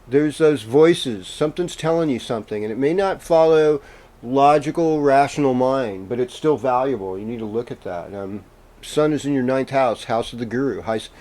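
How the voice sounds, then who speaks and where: A man with a mellow, warm voice at a middle pitch talks through horoscopes as the host. He meanders gently, pausing often and filling gaps as he goes. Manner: meandering and gentle, with many pauses and fillers. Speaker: astrologer host. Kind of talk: casual spoken horoscope reading.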